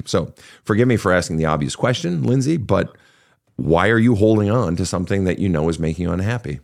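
A man's voice: sits low, animated, brisk, creaky. A man hosting a counseling podcast, talking emphatically and repeating himself as he thinks aloud. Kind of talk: conversational counseling talk.

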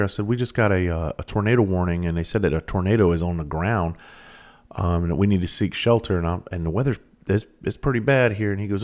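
A man's voice: deep voice, fast talker, a little mellow. A man in his thirties telling candid personal stories in a casual, rambling monologue, swearing freely.

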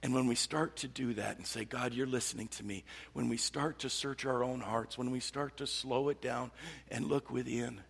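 A man preaching a sermon, earnest and repetitive, with frequent restarts, often dropping to a softer voice. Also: medium pitch, fairly even intonation, moderate pace, gravelly, slightly rough. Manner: earnest, repetitive, stumbling restarts, drops to soft voice. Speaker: pastor. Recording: long hall reverb.

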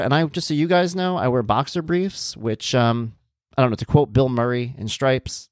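A man's voice: moderate pace, dry recording, studio quality. A man in his thirties hosting a podcast, telling a casual story and acting out both sides of the conversation. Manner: animated, jumps to a high voice when quoting himself. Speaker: podcast host.

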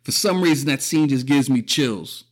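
A man's voice: mid-range voice, normal speed. A man hosting a podcast, talking through a casual opinion monologue, emotional and profane, choking up and laughing often. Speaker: podcast host.

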